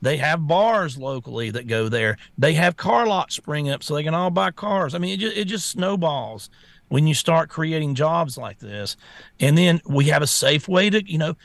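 A man's voice: a little high, moderate pace, vocal fry, no echo. A man co-hosting a political talk show, ranting bluntly with many restarts. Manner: blunt, repetitive restarts, animated rants. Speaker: co-host.

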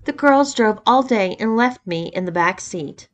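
A woman reading a first-person story aloud, keeping the dialogue tags calm and even. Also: fairly high pitch, measured pace. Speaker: reader of erotic fiction.

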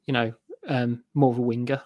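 A man guesting on a casual podcast, talking things through in a rambling, hedging way. His voice sits at an ordinary middle pitch. The sound is dry and close. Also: level tone, fairly quick, darkish tone, no echo. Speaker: guest football fan.

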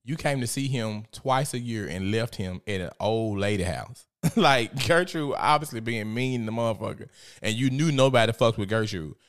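A man's voice: lowish voice, moderate pace, slight background noise. A man giving casual, profane, gossipy commentary as host, often laughing.

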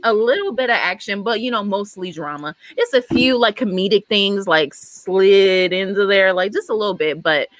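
An enthusiastic woman co-hosts a casual talk show. Her chat is full of fillers and excited stresses, and the sound is close and dry. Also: medium pitch, moderate pace, hardly any pauses, no room sound. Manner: enthusiastic, chatty, many fillers. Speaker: co-host.

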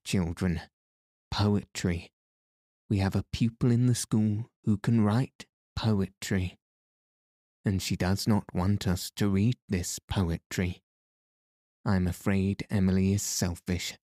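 A man's voice: lowish voice, steady tone, slow pace, warm tone, dry recording, clean studio sound. A man voicing a cruel, mocking female schoolteacher in a storybook reading, with jeering, taunting emphasis.

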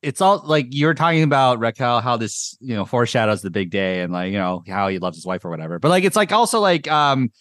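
A man hosting a podcast in casual chat, rambling and excitable with lots of filler words. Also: medium pitch, fast, few pauses, dry recording, clean studio sound. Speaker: podcast host. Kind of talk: casual chat reviewing music.

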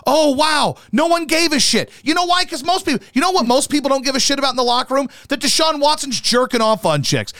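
A man's voice: very high voice, lively intonation, brisk, hardly any pauses, no echo, clean studio sound. A man hosting a sports talk show, ranting angrily and swearing nonstop. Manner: angry, shouting, swearing nonstop. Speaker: sports radio host. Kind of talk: profane sports talk rant.

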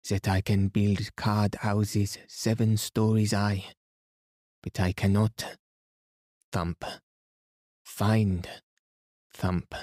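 A man voicing a fussy, excitable elderly detective in a bedtime storybook reading, speaking in halting jerks. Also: lowish voice, no room sound, clean studio sound. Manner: jerky, halting delivery.

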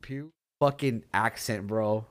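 A man's voice: fairly low pitch, slow. A man chatting casually on a podcast, blunt and swearing, calling people "dude" and "bro".

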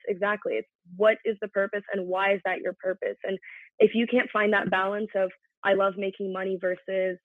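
A woman's voice: mid-range voice, no echo. A woman in her twenties, a podcast guest, talking in an earnest, reflective way, working through her feelings openly in casual conversation. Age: 20s. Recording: tinny phone-like line, dry.

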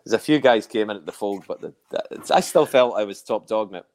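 Teasing Scottish man, lively pitch. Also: fairly quick. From Scotland. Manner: joking, teasing. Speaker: podcast host. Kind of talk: casual chat.

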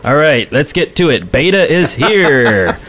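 A man co-hosting a casual gaming podcast, chatty and quick to laugh, humming to himself as he reads through a list. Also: on the high side, sing-song, fairly bright tone. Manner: chatty, laughs often, hums while reading a list. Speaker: podcast co-host. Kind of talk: casual chat.

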